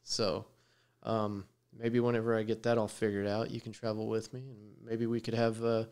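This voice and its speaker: A man's voice: fairly low pitch, completely flat delivery, normal speed, a little mellow, clear, resonant tone. A man from West Texas with a Texan accent, hosting a podcast and chatting casually with a guest, telling stories and laughing easily. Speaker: podcast host. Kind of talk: casual chat. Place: studio with guest six feet away.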